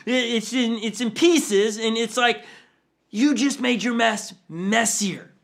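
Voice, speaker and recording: A man in his forties preaches an online sermon in a loose, conversational way. His voice sits high and sounds bright and forward. He acts out the people in his stories with sudden leaps in pitch. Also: slow pace, creaky. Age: 40s. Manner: storytelling, acts out family quotes with big pitch jumps. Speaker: pastor. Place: church livestream.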